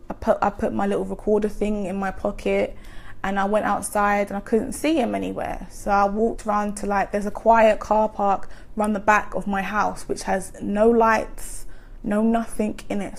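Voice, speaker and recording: Gentle-voiced woman with vocal fry. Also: medium pitch. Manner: chatty, lots of likes and ums. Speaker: vlogger. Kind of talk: casual storytime monologue.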